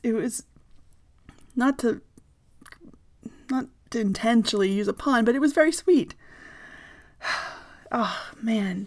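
A woman telling an intimate personal story in a soft, slow voice that often drops into a breathy whisper. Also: medium pitch.

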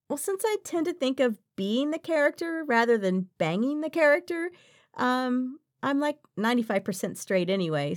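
A woman voice actress answering interview questions in a frank, playful way, often laughing. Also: mid-range voice.

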